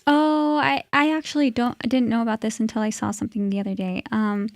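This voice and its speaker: A woman's voice: fairly high pitch, steady tone, quick pace, creaky, dry recording. A woman co-hosting a live stream, talking informally about a trial, with lots of "like". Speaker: co-host. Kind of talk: casual live-stream chat.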